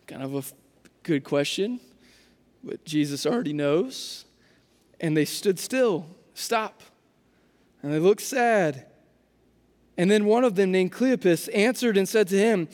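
A man preaching a sermon in a casual, animated storytelling way, often restarting his words. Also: sits high, slow pace, long pauses. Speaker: pastor. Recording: long hall reverb.

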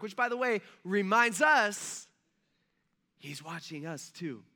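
A man's voice: high voice, expressive, unhurried, bright, forceful tone. A male pastor giving a casual, conversational sermon with asides to his congregation.

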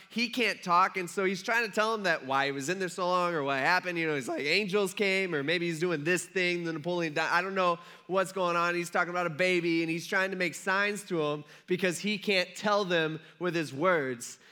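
A male preacher who tells the story in a loose, conversational way and keeps turning to the congregation. His voice sits high and sounds bright and forceful. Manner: casual and chatty, talks to the congregation directly. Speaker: pastor.

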